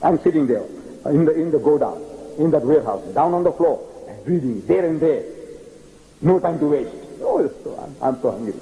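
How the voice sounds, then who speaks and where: An older man from South Africa giving a storytelling lecture, animated and emphatic, often repeating key phrases. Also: on the high side, brisk, vocal fry, phone-quality sound, a little hiss or hum.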